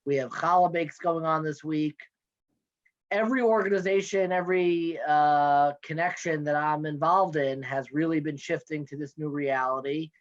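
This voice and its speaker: Over dull, lo-fi video call audio, a guest in his thirties chats casually and playfully from his home office, cracking quick jokes. He's an NCSY education director, speaking in a fairly high-pitched voice with fairly even intonation in this interview chat.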